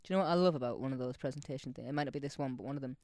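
A man co-hosting a casual podcast, animated, laughing often and doing silly voices for the people he quotes. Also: mid-range voice, racing, no echo, studio quality. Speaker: podcast co-host. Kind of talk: casual chat.

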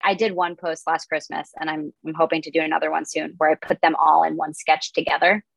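A woman's voice: low voice, flat delivery, fairly quick, creaky, a bit bright, no room sound, poor audio. A woman in her twenties, a comedian, chatting casually and upbeat in a podcast interview, full of filler words. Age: 20s. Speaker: comedian and content creator, guest.

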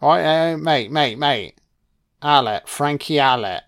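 With a fairly bright voice on the high side and lively intonation, this man takes his time commenting on a film as he watches. He's profane and reactive, cursing freely and answering back to the screen.

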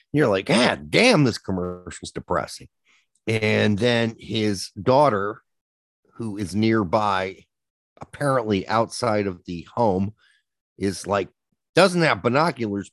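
A man's voice: low voice, no echo, studio quality. A man co-hosting a soccer podcast, telling stories and ranting with plenty of swearing in casual chat. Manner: profane, ranting storyteller.

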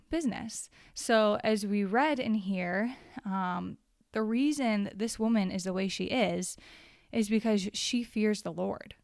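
Young woman Bible study speaker, earnest and chatty, some vocal fry, dry sound. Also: mid-range voice, no room sound. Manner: earnest, conversational, reads verses aloud. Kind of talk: casual devotional teaching.

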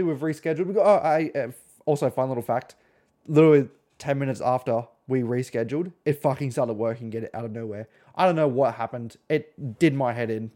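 A man's voice: mid-range voice, a little mellow. A man with an Australian accent hosts a casual podcast. He rambles through asides and swears freely. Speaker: podcast host.

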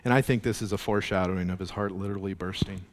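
A male pastor giving an earnest, animated sermon, repeating his points. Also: low voice, racing, long reverb tail, slight background noise. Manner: earnest, animated preaching with laughs and repetition.

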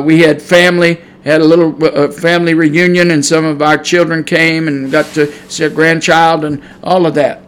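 A middle-aged man preaches to his podcast listeners in a high, bright, piercing voice. He climbs into shouted warnings, then drops back into loose, chatty asides. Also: poor audio. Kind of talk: preaching sermon. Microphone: podcast mic.

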